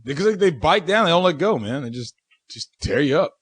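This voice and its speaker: A man co-hosting a casual comedy chat, joking and animated. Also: a little high, fairly quick, slightly rough, dry recording. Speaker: co-host.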